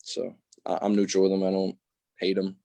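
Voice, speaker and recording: Low-voiced young man debating sports. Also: monotone, moderate pace, vocal fry, mellow, no echo, muffled recording. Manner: hesitant, restarts often, many "like"s. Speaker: podcast co-host.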